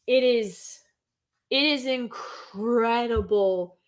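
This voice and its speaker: A woman host chatting casually about a film she loves, gushing and excitable, with lots of filler words. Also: fairly high pitch, drawn-out words. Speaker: host reviewing an animated film. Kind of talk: casual chat.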